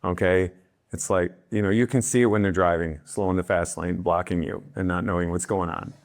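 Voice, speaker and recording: A man's voice: sits low, steady tone, brisk. A man giving a talk to an audience who acts out other people's voices and often checks in by asking "okay?". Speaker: speaker on influence and leadership. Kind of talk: lively talk to a live audience.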